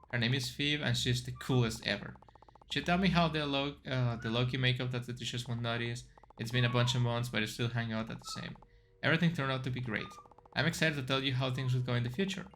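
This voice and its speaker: Male game streamer, bright tone, reads on-screen text and reacts out loud. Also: medium pitch, slight background noise. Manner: reads aloud, then chats and reacts with yelps. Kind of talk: game playthrough, reading text aloud.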